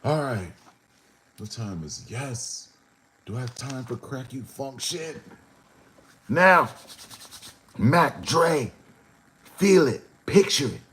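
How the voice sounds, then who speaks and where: Man, livestream host, slow drawn-out talk, sudden animated pitch jumps, chatting to viewers. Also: breathy edge. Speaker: rapper hosting a livestream show. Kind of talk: rambling livestream talk to chat.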